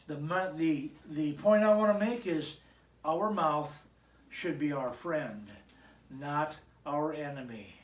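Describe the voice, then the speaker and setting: Pastor, male, high-pitched voice, casual preaching with humor, echoey sanctuary heard from a distance. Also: takes it slowly. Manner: joking, chatty asides to the congregation. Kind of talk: conversational sermon. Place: church sanctuary. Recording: echoey church, mic at a distance.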